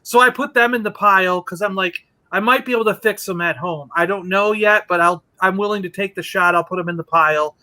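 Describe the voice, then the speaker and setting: High bright-voiced man telling a story. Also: fairly quick, hardly any pauses. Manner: animated storyteller, acting out quotes. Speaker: podcast co-host. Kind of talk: casual chat.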